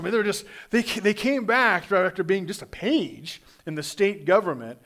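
A man's voice: a little high, a little fast, creaky, hardly any pauses. Casual, stammering man preaching a sermon. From Kansas, USA. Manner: conversational, animated, many restarts and stammered repeats. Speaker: pastor.

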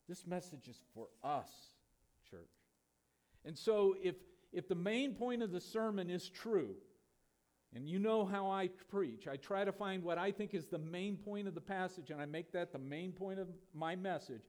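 A man's voice: high voice, lively intonation, measured pace, darkish tone. A pastor preaching a sermon to his church, emphatic and full of rhetorical questions.

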